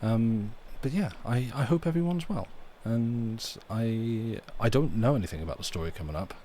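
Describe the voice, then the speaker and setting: A man from the UK, hosting a livestream from home in a soft, rambling, chatty way and reading poetry aloud. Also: mid-range voice, animated, moderate pace, slight background noise. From United Kingdom. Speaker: livestream host. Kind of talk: casual livestream chat and poem reading. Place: home room.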